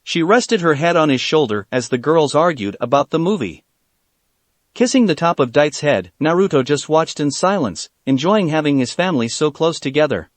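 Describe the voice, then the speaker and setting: A man narrating a fan fiction story aloud in an expressive storytelling manner. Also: fairly high pitch, moderate pace, dry recording.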